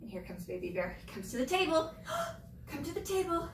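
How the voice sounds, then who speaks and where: A young woman teaching preschool yoga through a story, expressive and sing-song, with gasps and whispers, recorded roomy and from far off. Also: high-pitched, quick pace, noisy background. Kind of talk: storytelling yoga lesson for children.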